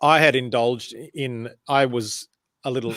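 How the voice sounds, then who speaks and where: A man hosting a casual chat, telling self-deprecating stories with animated energy. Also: medium pitch, measured pace, no room sound, clean studio sound. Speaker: host.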